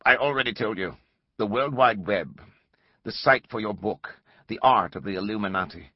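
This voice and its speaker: Casual: guy putting on a stiff robotic-sounding scientist on a call, low and husky, kinda dull recording. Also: normal speed, no echo. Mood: cold. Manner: clipped and cold. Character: rigid, mechanical-sounding male physicist on the phone.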